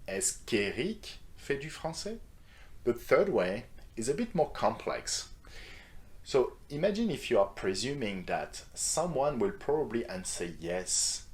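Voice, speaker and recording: A man's voice: mid-range voice, sing-song, measured pace. A man teaching French grammar, reading example sentences and then translating them into English. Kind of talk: scripted grammar lesson.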